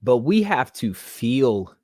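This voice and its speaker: A man's voice: mid-range voice, sing-song, takes it slowly, warm tone, no echo, studio quality. A young man hosting a podcast monologue, rambling with many restarts and holding back tears. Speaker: podcast host. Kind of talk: casual monologue.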